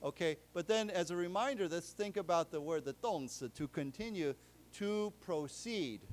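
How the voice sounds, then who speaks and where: An American man teaching a live English class, breaking down vocabulary step by step with plenty of "you know" and restarts. His voice sits a little high for a man. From United States. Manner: explains vocabulary slowly, with many fillers and restarts. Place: lecture room in a library.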